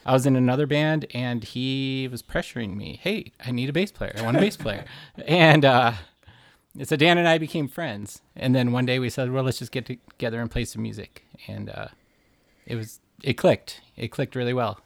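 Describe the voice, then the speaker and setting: A man from Wisconsin talks in a halting way, leaning on "uh" and "um". His voice sits in an ordinary range, and the recording is dry and close. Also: mid-range voice, steady tone, dry recording. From Milwaukee, Wisconsin, US. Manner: hesitant, many fillers, laughs easily. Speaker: band bassist, interview guest. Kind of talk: casual interview chat.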